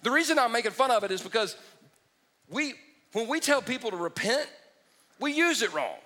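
A middle-aged man preaches with a bright, forward tone and a fairly high voice. He keeps things animated and joking, slipping into mocking impressions. The delivery is a lively sermon. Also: moderate pace. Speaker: pastor.

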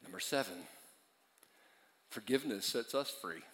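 A man preaching a sermon in a church auditorium, repeating phrases for emphasis and swinging between loud stretches and hushed ones. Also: fairly high pitch, animated, moderate pace, long reverb tail. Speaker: pastor.

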